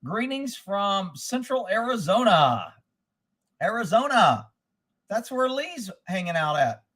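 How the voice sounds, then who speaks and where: High-voiced man rambling on a livestream. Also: big pitch swings, takes it slowly, a bit bright. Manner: profane, rambling storyteller who laughs often. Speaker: livestream host. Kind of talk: casual live-stream chat, reading comments.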